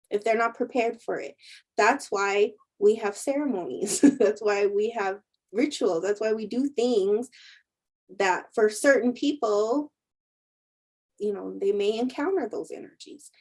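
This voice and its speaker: A woman's voice: fairly high pitch, unhurried, a little mellow, rough recording. A woman spiritual teacher in a casual livestream chat, telling stories and laughing often. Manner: chatty storyteller, laughs often. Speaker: spiritual teacher and intuitive healer.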